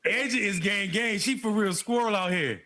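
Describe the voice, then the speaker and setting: A man co-hosting a casual stream, his voice high and bright. He teases and laughs through slangy banter. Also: moderate pace. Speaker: co-host. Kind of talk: casual live-stream chat.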